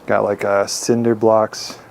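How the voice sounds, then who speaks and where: A man leads viewers through his urban exploration, eager and talkative. His low voice has a gravelly fry. Faint outdoor noise sits behind him. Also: level tone, takes it slowly, darkish tone. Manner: enthusiastic, guiding the viewer. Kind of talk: vlog narration. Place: outdoors at an old house.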